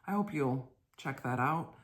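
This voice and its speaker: An older woman hosting her own show, telling a church memory in a gentle, chatty way and laughing as she goes. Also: very deep voice, animated, unhurried. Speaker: host. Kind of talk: casual storytelling monologue.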